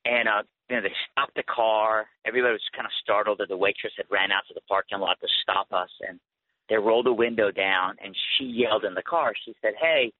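A man's voice: lowish voice, steady tone, a little fast. A man, a guest speaker and author, earnestly telling his personal testimony in a conversational way over a phone line into a radio show. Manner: earnest, conversational, rising with emotion. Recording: dry tinny phone line.

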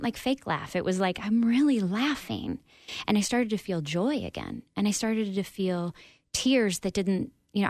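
A woman's voice: medium pitch, a little mellow, no room sound, clean studio sound. A woman guest on a radio interview, telling her personal story in an earnest, open, reflective way with frequent ums.

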